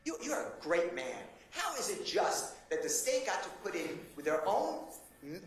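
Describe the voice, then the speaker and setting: A man with a high, very animated voice speaks at normal speed as a defense attorney addressing a judge. His argument is passionate, pleading and insistent, and the courtroom echoes with faint ambience.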